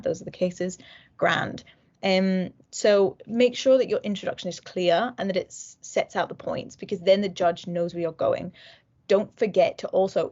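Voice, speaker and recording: A woman's voice: mid-range voice, darkish tone. A young woman from a university mooting society giving a casual, frank training talk with frequent fillers. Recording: dull lo-fi recording.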